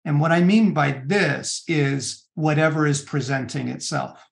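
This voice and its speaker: A middle-aged man, an author giving an interview guest's earnest advice, talking in halting bursts with frequent restarts and fillers. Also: a little high, gravelly. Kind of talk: conversational interview on spiritual practice.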